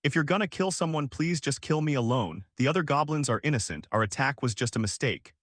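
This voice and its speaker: A man's voice: mid-range voice, animated, a little fast, a bit bright, no echo, studio quality. A man voicing a scared goblin father who stammers and begs for mercy. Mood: pleading. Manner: stammering, begging. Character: frightened pleading goblin father.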